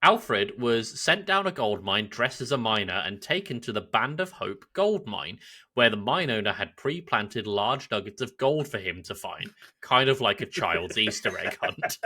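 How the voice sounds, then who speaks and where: Lively English man telling a story. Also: on the low side, moderate pace. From England. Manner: lively, laughs often while telling a story. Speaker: podcast co-host. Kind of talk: casual storytelling chat.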